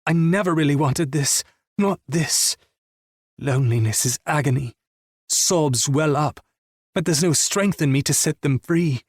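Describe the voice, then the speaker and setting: A man narrating a romance audiobook in the first person, with a subdued, intimate reading and a husky voice. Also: on the high side, no echo, studio quality.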